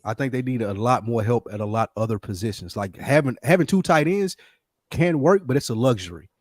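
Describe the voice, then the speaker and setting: A man's voice: medium pitch, lively intonation, fairly quick, no echo, studio quality. A man co-hosting a casual sports talk show, giving blunt opinions on teams and players. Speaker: sports podcast co-host.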